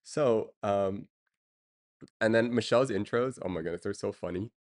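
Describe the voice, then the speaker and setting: A man chats casually on a stream in a slightly low voice. He rambles with many fillers and breaks into chuckles now and then. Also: moderate pace. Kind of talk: casual chat.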